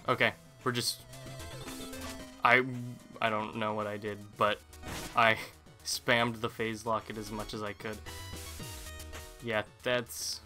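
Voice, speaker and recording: A man's voice: on the low side, bright, forceful tone. A man giving casual, rambling let's play commentary, chatty and self-deprecating as he plays. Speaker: gaming channel host.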